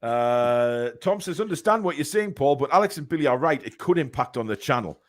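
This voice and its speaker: A man's voice: medium pitch, expressive, brisk. Chatty man reading live chat. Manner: rambling, chuckling, lots of ums and uhs. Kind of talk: casual chat.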